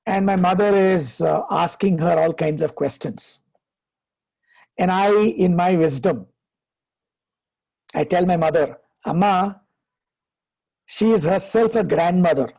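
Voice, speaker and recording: A man, a happiness coach giving advice and telling stories in a deliberate way, slowing down for emphasis. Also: sits high, vocal fry, a little mellow. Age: 50s. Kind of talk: conversational advice, storytelling.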